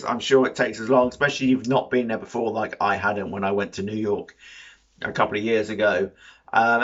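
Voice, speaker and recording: A man's voice: fairly low pitch, fairly bright tone. A man giving a casual film review, rambling, losing his thread and correcting himself, with dry, mildly sarcastic humour. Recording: dull lo-fi recording.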